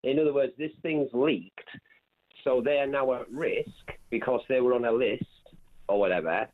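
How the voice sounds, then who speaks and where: A man's voice: mid-range voice, moderate pace. A man from Lincolnshire calling in to a radio show, wry and hesitant, with lots of fillers. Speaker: caller. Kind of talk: phone-in call. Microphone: phone. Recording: tinny phone line.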